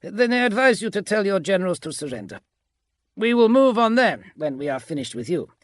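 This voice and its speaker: A man voicing a giant armored warrior commander who barks orders in a raised, forceful voice for an audiobook. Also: sits high, sing-song, a little fast, dry recording, pitched above the performer's own voice. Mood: threatening. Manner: barking orders.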